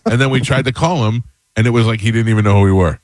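A man's voice: mid-range voice, very fast, darkish tone, no room sound, studio quality. A man hosting a talk show, telling a casual, rambling anecdote with lots of restarts. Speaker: podcast host. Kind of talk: casual storytelling.

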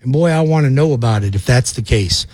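A man giving a brash, folksy, rapid-fire sales pitch as a loan officer, acting out little phone calls. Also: animated, darkish tone, no room sound. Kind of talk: direct-to-camera sales pitch.

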